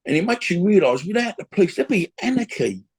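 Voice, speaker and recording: A man's voice: high voice, big pitch swings, fast, slightly rough. A middle-aged man tells a rambling story in an interview, often adding "you know what I mean". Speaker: interview guest, former boxer and gym owner. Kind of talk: conversational storytelling.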